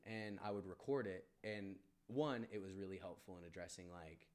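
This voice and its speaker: A man's voice: moderate pace, darkish tone. A man, a podcast guest, talking casually and candidly, swearing freely, rambling with restarts and bursting into laughter. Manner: laughs often, jumps up sharply in pitch when amused. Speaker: podcast guest, barbershop owner. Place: studio room, leaning against a wall.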